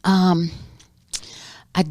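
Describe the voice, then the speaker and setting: A woman therapist co-hosting a podcast, explaining things in a measured, reflective way. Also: a little mellow, no echo, studio quality. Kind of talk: casual podcast conversation.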